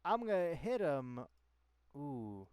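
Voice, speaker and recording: A man's voice: a little high, very animated, slow pace, darkish tone. A man playing a tabletop game who talks hesitantly with lots of fillers and tosses in playful sound effects. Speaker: player. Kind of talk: casual tabletop play.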